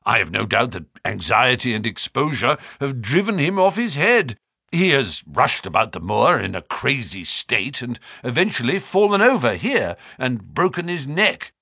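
A man voicing a calm, sharp-witted male detective with a measured, crisp delivery in an audiobook reading. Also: medium pitch, dry recording, clean studio sound, heavily acted.

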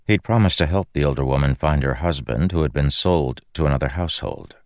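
Very deep gravelly male narrator. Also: brisk, dry recording, clean studio sound. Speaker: audiobook narrator. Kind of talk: audiobook narration.

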